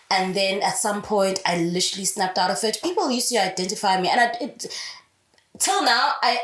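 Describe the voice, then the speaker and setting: A young woman talks openly in a relaxed interview. She is animated and blunt, dropping swear words as she goes. Her mid-range voice carries a noticeable room echo. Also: mid-range voice, a little hiss or hum. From South Africa. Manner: candid, swears freely, animated. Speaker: radio host guest. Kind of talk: casual interview. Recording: roomy echo.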